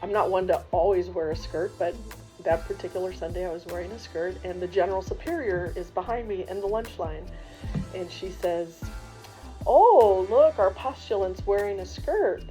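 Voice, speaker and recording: A woman's voice: lowish voice, moderate pace. A woman who was once a coach, now a religious sister, telling a humorous story to students. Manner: lively, humorous, laughs while telling, voices others in dialogue. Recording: dull muffled sound with faint music.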